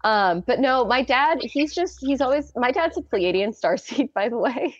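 A woman's voice: on the high side, animated, normal speed, no room sound, highs cut off. A woman in her early thirties, a guest telling a personal story in a casual interview, chatty and giggly with many restarts. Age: early 30s.

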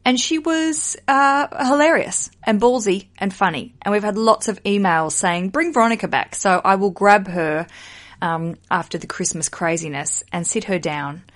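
A woman's voice: medium pitch, unhurried. A woman hosting her own podcast, chatting casually and joking at her own expense, in her thirties. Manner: chatty, jokey, self-mocking, swears casually. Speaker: podcast host. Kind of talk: casual solo podcast chat.

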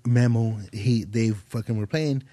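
A man's voice: mid-range voice, a little slow, dark tone, no echo. Young adult male guest, slangy rambling storyteller, dry close sound. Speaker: podcast guest. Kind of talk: casual storytelling.

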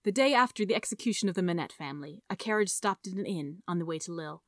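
Woman narrating a story, steady measured reading, dead dry sound. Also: fairly low pitch, no room sound. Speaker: audiobook reader.

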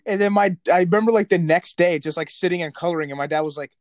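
A man's voice: high voice, fast, no echo. A young man co-hosting a podcast, telling blunt stories full of swearing. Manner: profane, blunt storytelling. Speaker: podcast co-host. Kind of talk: casual podcast chat.

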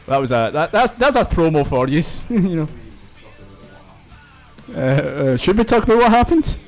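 A man's voice: fairly high pitch, very animated, normal speed, a little mellow, faint music behind. A man hosting a casual podcast, often stumbling over his words and laughing off his slips. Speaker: podcast host.

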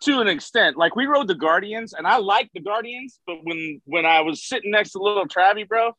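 A man in casual chat, excitable and swearing often. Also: high voice, a little fast, no echo, rough recording.

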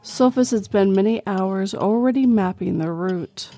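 Lady reading creepy stories, slow and steady, mellow voice, faint music. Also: medium pitch. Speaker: horror story narrator. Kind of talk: scripted horror narration.

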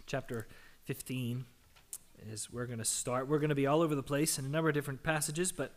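A pastor giving a conversational sermon, his voice hoarse from a cold, posing questions and answering them. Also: mid-range voice, fairly even intonation, quick pace.

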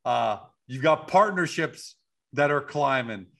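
A man's voice: medium pitch, expressive, slow pace, creaky, a bit bright. A man hosting an interview over a video call, upbeat and rambling with restarts. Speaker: interview host. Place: home at night.

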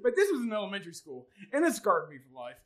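Podcast cohost guy, bright voice, bouncy pitch, chatty and reactive. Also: wildly swooping pitch. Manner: reacts with laughs and quick exclamations. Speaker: podcast co-host. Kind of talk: casual chat.

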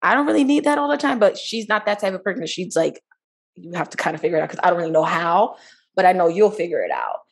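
A woman's voice: fairly low pitch, very animated, quick pace, breathy edge. A young woman co-hosting a podcast in casual chat, talkative, laughing often and acting out what others said. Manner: chatty, laughs often, acts out quotes. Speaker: podcast co-host.

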